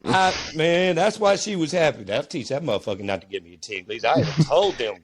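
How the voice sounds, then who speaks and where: A man's voice: a little high, animated, a little fast, husky. A father co-hosting a podcast, chatting casually and animatedly, swearing freely and breaking into mocking voices while telling stories. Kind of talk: casual profane chat.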